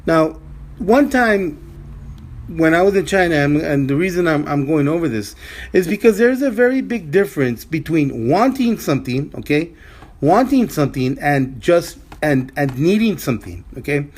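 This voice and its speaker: A man teaching a language lesson, speaking slowly and repeating words, with frequent restarts. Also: on the high side, lively intonation. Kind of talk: slow spoken language lesson.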